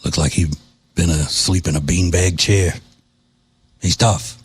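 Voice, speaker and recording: A man doing a low, growling mock mobster. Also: steady tone, unhurried, breathy edge, exaggerated voice. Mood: mock menace. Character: menacing old-school male mobster, mocking.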